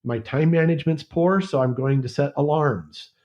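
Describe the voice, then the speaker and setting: A man's voice: on the high side, moderate pace, darkish tone, muffled recording. A man, a university lecturer, speaks as a guest in a conversational podcast interview, thoughtful and often restarting words.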